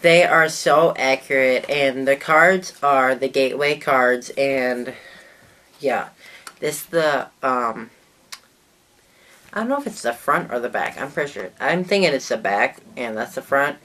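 A woman's voice: very deep voice, unhurried, a bit bright. A woman vlogger in a casual show-and-tell talk to the camera, chatty and rambling, often trailing off mid-sentence.

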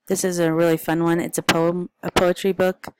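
A woman's voice: fairly low pitch, little pitch movement, brisk, darkish tone, smooth, rough recording. A woman, a parent, chatting casually and informally through a stack of picture book recommendations, with frequent ums and uhs.

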